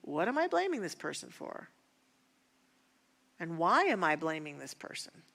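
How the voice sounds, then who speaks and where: A woman minister teaching a spiritual class, speaking in an earnest, personal and unhurried way. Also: lowish voice, sing-song, creaky, a bit bright, in a large hall. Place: church sanctuary.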